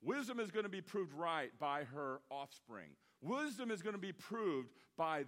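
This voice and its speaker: Man, 50s, pastor, sermon, lively pitch, somewhat high voice, emphatic bursts and hushed asides. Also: moderate pace, hardly any pauses. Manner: animated storytelling, swinging from loud emphatic bursts to hushed asides.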